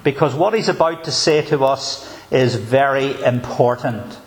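A man, a pastor, preaching a sermon in an emphatic, measured way with deliberate pauses. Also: mid-range voice.

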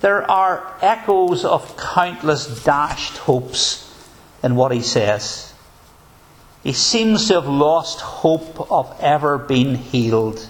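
Slow, earnest male preacher. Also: on the high side, animated. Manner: measured, earnest, with probing rhetorical questions. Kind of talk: sermon.

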